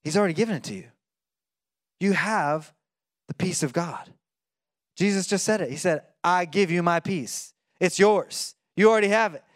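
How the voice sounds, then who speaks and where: A middle-aged man preaching a sermon as a pastor, animated, swinging from soft and low to loud and high. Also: normal speed, no room sound, studio quality. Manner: animated, rises to near-shouting when quoting.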